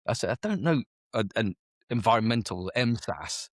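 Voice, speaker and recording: Brisk and animated, this mid-range voice comes from a man in his forties from the United Kingdom. An army veteran and business owner, he recounts his story in a casual, chatty interview crammed with quoted dialogue. The recording is dry and clean, studio-style.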